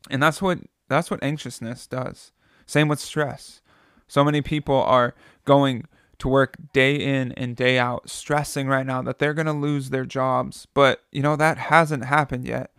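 A man's voice: medium pitch, a bit bright, clear, resonant tone, no echo. Earnest man preaching in a dry room. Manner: earnest, conversational, repeats phrases for emphasis. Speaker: pastor. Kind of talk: sermon.

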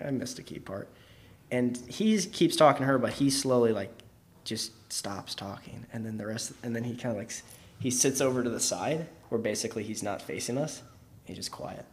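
A young man co-hosting a podcast, telling a long story in a casual, rambling way, full of fillers and laughs. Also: lowish voice. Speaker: podcast co-host.

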